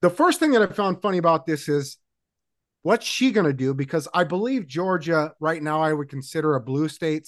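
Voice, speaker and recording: A man co-hosting a casual podcast, making wry deadpan quips. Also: a little high. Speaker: podcast co-host. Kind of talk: casual chat.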